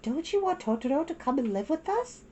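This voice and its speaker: A woman's voice: sits high, sing-song, fairly quick, darkish tone, pitched above the performer's own voice. A woman voicing an eager older schoolgirl who talks in a coaxing way.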